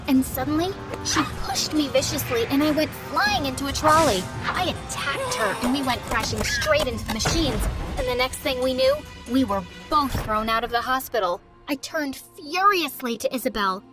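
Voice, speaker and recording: A woman's voice: sits high, lively intonation, moderate pace, hardly any pauses, a bit bright. A young woman telling her own story as dramatic first-person narration, with an emotional, dramatic delivery over faint background music. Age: young adult.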